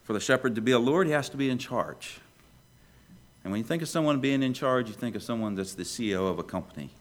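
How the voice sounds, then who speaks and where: Animated male preacher, lively swings. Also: quick pace. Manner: animated preaching, swings between loud questions and hushed low lines. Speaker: pastor. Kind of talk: sermon.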